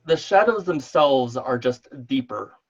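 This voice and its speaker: A man running a tabletop role-playing game over the internet, describing the scene with many pauses and fillers. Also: medium pitch, lively intonation. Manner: hesitant, many ums. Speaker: game master. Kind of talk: narrating a tabletop game online. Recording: dull online call audio.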